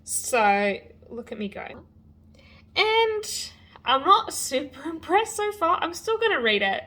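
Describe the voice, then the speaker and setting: A young woman chatting casually to camera as a book vlogger, animated and full of fillers. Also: very high-pitched, slow pace. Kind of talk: casual vlog chat.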